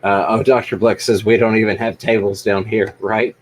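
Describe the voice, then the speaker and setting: A man's voice: lowish voice, level tone, normal speed, background noise. A man hosting a livestream, easygoing and self-deprecating in casual chat. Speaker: livestream host.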